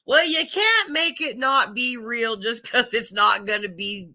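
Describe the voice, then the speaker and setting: A woman's voice: on the high side, a crowd in the background. A woman hosting a live chat panel, talking casually in a laid-back way with a scratchy voice that slurs a little. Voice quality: scratchy, slurring. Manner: laid-back, quick to laugh.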